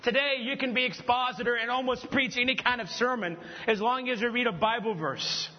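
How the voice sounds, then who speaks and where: In a church hall, a man at the pulpit preaches to students of preaching, repeating himself in an emphatic, heralding style. His voice is very high and he talks fairly quickly, captured in a reverberant, dull, lo-fi recording.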